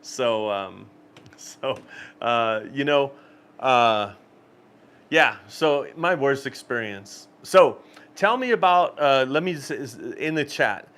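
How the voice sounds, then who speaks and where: A man's voice: medium pitch, lively intonation, slow, a bit bright, clean tone. A man hosting a cruise channel live stream, telling stories in a rambling, casual way with frequent laughs and restarts.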